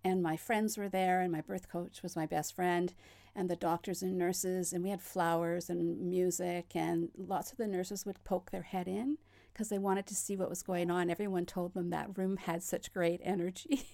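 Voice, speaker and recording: Woman guest with a gravelly edge. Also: fairly low pitch, level tone, moderate pace, mellow. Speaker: podcast guest. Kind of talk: casual conversation.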